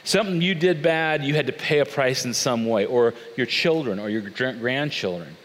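A man preaching a sermon as a pastor, telling the story in a conversational, animated way with casual asides. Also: mid-range voice, moderate pace. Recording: long reverb of a large hall.

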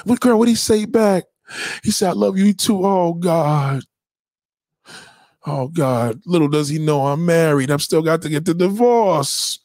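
A man voicing a brash woman who gossips crudely and excitedly to her girlfriend. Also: a little high, measured pace, no echo, clean studio sound, voice pushed up. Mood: gushing.

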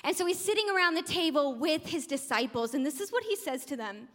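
A woman's voice: high voice, animated, brisk, fairly bright tone. A woman pastor giving a conversational sermon, laughing at her own jokes. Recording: long hall reverb.

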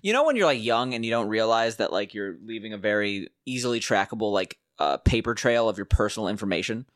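A man's voice: on the low side, lively intonation, quick pace, no echo, clean studio sound. A young American man in casual chat, filling his talk with "like" and other fillers. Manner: heavy use of "like", casual filler-laden talk.

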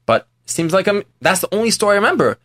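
A man's voice: high voice, very animated, fairly bright tone, no room sound, clean studio sound. Man telling a story casually. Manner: conversational, with fillers and quick restarts.

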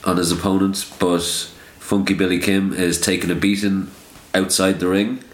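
Male co-host, very deep voice, dry recap, echoey room. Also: flat delivery, moderate pace. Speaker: podcast co-host. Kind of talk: casual chat.

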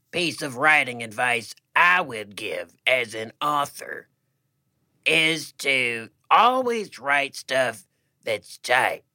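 A man in a comedy podcast playing a pompous author, boasting about his writing in a deadpan, self-satisfied way. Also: mid-range voice, no room sound, clean studio sound. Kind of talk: comedic improv reading.

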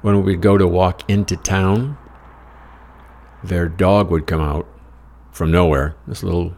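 An American man tells a meandering travel story, wry, profane and quick to mock himself. His voice is low and darkish, with fairly even intonation and a slightly slow pace.

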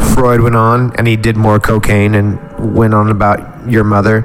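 A man's voice: lowish voice, steady tone, normal speed, few pauses, faint music behind. A male podcast host reading a horror story aloud, breaking off into rambling, irreverent comic asides.

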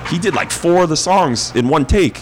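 A man's voice: on the high side, normal speed, a little hiss or hum, low-quality recording. A young man, swapping stories in casual, profane chat. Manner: profane, animated storyteller.

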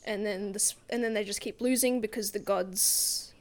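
A woman's voice: medium pitch, steady tone, moderate pace. A woman in a casual book discussion, rambling through a plot retelling with lots of "like".

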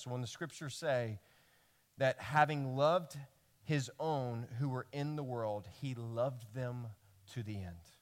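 A man preaching a sermon to his congregation as pastor, telling the stories in a lively way that swings from loud emphasis to hushed lines. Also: medium pitch. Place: church service before a congregation.

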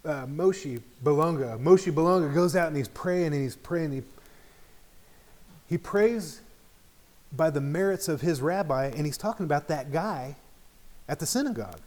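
A man's voice: fairly high pitch, expressive, normal speed, a little mellow. Conversational man leading a Bible study. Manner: conversational, asks the group questions often. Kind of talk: informal Bible study teaching.

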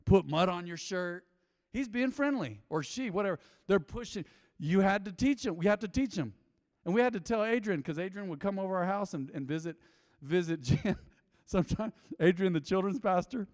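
A man preaching a sermon to his congregation in a conversational way, with joking asides, moving from quiet low remarks to loud emphatic reading. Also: expressive, normal speed. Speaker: pastor. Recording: long hall reverb.

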